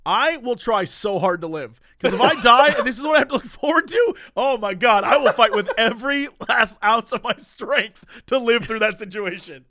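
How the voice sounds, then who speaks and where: A man's voice: very high voice, lively intonation, normal speed, few pauses, bright, forceful tone, no room sound, studio quality. A man co-hosting a podcast, reacting in casual chat with lots of laughing and teasing. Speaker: podcast co-host.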